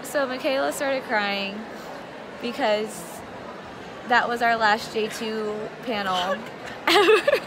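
A young woman vlogging in a busy convention hallway, chatting fast and giggling as she tells stories. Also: on the high side, expressive, crowd noise. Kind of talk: casual vlog chat. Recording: noisy crowded hall with music.

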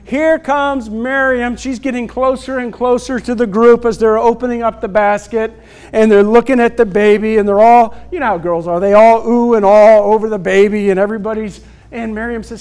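A man's voice: sits high, steady tone, darkish tone, clear, resonant tone. A male pastor preaching a sermon, acting out scripture scenes and calling out to the congregation for responses. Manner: preaching with call-and-response asides; acts out scripture scenes in quick bursts.

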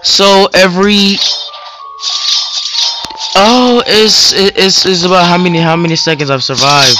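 A young man giving casual, excitable gameplay commentary as a gaming video host, trash-talking other players in slang. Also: high-pitched, measured pace, pauses often, rough recording. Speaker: gaming YouTuber. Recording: loud game music behind. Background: loud game music.

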